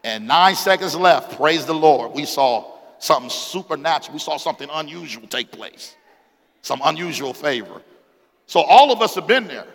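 Bright-voiced preaching pastor in a reverberant hall. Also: male voice, a little high, animated, moderate pace. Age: 40s. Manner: call-and-response preaching, rises to shouts, reads scripture aloud. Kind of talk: sermon.

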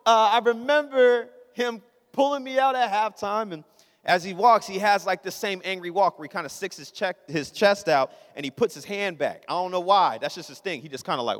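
Young male preacher, high voice, joking storyteller, long hall reverb. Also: fairly bright tone. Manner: conversational, joking, acts out his father's lines. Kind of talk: humorous sermon storytelling. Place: church sanctuary.

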